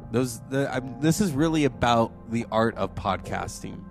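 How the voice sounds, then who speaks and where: A man's voice: mid-range voice, expressive, normal speed, vocal fry. A congested man in his forties hosting a solo podcast, chatty and digressive. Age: 40s. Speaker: podcast host. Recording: music playing behind.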